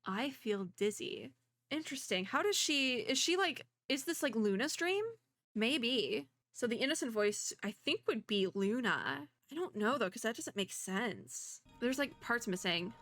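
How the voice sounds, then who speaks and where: A young woman streaming a game, thinking out loud in a chatty way and reading the dialogue aloud. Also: a little high, animated, measured pace, dry recording. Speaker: VTuber gamer. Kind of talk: casual gameplay commentary.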